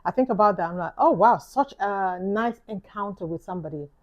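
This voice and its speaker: A woman's voice: mid-range voice, expressive, a little fast, dull audio. A woman with a London accent giving an earnest, reflective vlog monologue, repeating key phrases for emphasis. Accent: London English. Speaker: YouTuber.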